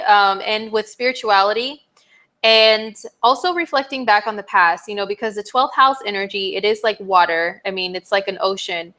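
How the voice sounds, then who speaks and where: Young woman, astrologer, chatty, animated, playful exclamations, lots of fillers, mid-pitched voice. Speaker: astrologer giving a weekly forecast. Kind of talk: casual spoken forecast to viewers.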